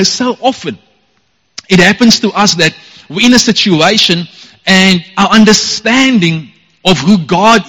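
A man's voice: sits high, bright, forceful tone, in a large hall. A man preaching a sermon as a pastor, earnest and emphatic, repeating his phrases for weight.

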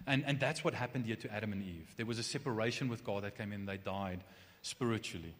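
A man preaching a conversational sermon, animated, with restarts and asides. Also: on the low side, fast talker. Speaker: pastor. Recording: long hall reverb.

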